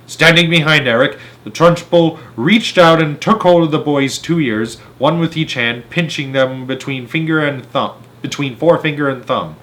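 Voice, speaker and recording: A man reading a children's book aloud, animated, often stumbling and correcting himself. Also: medium pitch, moderate pace. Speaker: storyteller.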